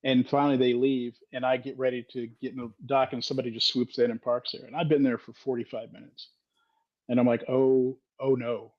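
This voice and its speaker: A man telling a story in a self-deprecating way on a podcast, lively and candid. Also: mid-range voice, quick pace, dry recording, lo-fi sound. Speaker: podcast guest, Freemason author. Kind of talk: casual storytelling conversation.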